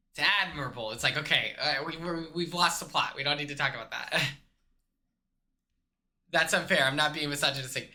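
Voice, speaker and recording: A man's voice: on the high side, fairly quick, bright, forceful tone. A young man chatting casually on a live stream, laid-back and slangy, with restarts and laughs.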